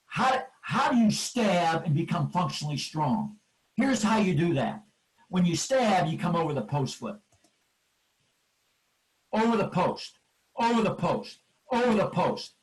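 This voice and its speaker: A man's voice: high voice, far from the mic, rough recording. An older man coaching football linemen in a clinic, driving points home with emphatic, repeated cue words. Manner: emphatic, repetitive cueing phrases. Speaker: football offensive line coach. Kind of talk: coaching clinic presentation over drill video.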